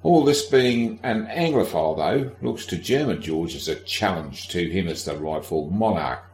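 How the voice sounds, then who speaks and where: This history podcast's male host talks at a normal speed in an animated, deep voice that is a little mellow, with a roomy sound. Casual, sardonic, and irreverent, he swears freely while speaking directly to the listener.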